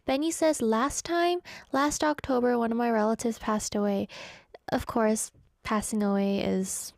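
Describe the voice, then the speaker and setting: With a slightly high voice, vocal fry, and normal pacing, a young woman hosts a radio show. The studio-microphone sound is studio quality with no room sound, and she's giggly and chatty, reading listener messages and putting herself down playfully.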